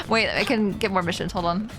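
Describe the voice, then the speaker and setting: A young woman streaming a video game, chatting casually with her viewers, excitable and giggly as she reacts to what happens on screen. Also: medium pitch, unhurried, music in the background. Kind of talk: casual gameplay commentary.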